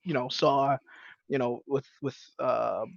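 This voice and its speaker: A man's voice: mid-range voice, fairly even intonation, slow, gravelly, dry recording. A man on a podcast panel, talking in a laid-back, slangy way. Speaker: podcast panelist and tabletop player. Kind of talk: casual podcast chat. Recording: dull lo-fi dry sound.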